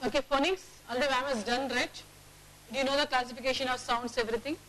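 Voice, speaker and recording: Bright high-voiced woman teaching a class. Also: steady tone, poor audio. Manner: drills words aloud, checks with quick questions. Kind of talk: classroom phonics lesson.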